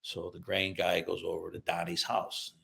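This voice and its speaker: Gravelly older man telling childhood stories. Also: sits low, normal speed. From upstate New York, USA. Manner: lively anecdotes, acts out quoted voices, laughs through punchlines. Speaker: author and guest. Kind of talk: storytelling in a podcast interview.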